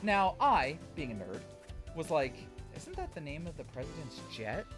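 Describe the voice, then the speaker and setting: Streaming a game, a young man chats casually and tells a rambling, self-deprecating story packed with fillers. His voice sits on the high side with big pitch swings, at a moderate pace, and music plays in the background.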